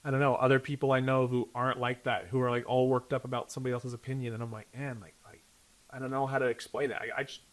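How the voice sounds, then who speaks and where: This man hosts a relaxed interview and talks at a quick clip. He stays upbeat and encouraging, throwing in casual slang as he reacts to his guest. He sounds easygoing and friendly in tone. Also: mid-range voice. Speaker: podcast host.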